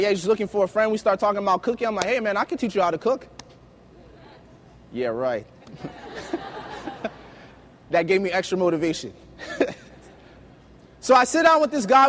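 A man preaching a sermon, telling lively personal stories and acting out the dialogue. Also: sits high. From United States. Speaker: youth preacher.

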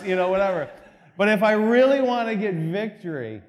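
Preaching from the pulpit of an echoing church hall, this man tells stories as pastor, dropping in funny asides and short bursts of laughter. He pitches his voice high, with lively intonation.

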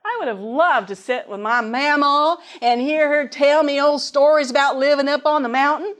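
A woman's voice: high voice, moderate pace, a bit bright. A middle-aged woman preaching a sermon in an earnest way, reading scripture aloud and asking her listeners questions.

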